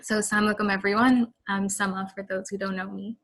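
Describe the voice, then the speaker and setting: A woman's voice: medium pitch, little pitch movement, quick pace, fairly bright tone. A woman giving a speech as a newly sworn lawyer over a video call.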